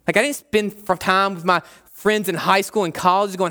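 High-voiced man preaching a sermon. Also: expressive, normal speed, sharp tone. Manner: conversational preaching with repeated phrases. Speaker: pastor.

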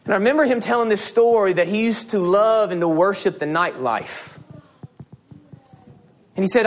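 Animated high-voiced male preacher. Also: moderate pace, pauses often. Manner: animated storytelling, acting out dialogue. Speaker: pastor. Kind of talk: sermon.

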